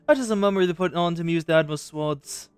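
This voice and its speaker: A man's voice: a little high, rapid-fire, faint music behind, close to an everyday voice. A man doing a swaggering pirate rogue. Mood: scheming. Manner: rough pirate-ish drawl. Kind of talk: reading game dialogue aloud.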